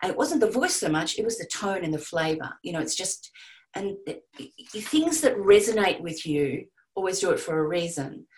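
A woman's voice: lowish voice, lively intonation, normal speed, rough recording. A woman who narrates audiobooks and coaches, chatting reflectively about her craft on a panel. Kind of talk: panel discussion.

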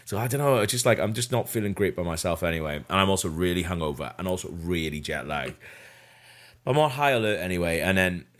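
Low-voiced podcast host, loose and rambling storyteller. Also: male voice, expressive, quick pace, fairly bright tone. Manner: rambling, with many fillers and self-corrections. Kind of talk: casual storytelling.

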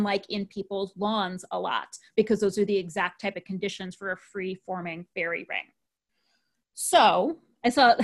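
A woman hosting a podcast, chatting casually and cheerfully about folklore, with frequent ums and likes. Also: medium pitch. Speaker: podcast host.

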